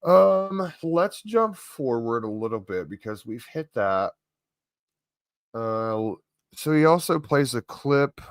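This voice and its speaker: A man hosting reaction commentary in a casual, halting way with plenty of fillers. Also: mid-range voice, lively intonation, clean tone, dry recording, studio quality. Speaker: commentary host.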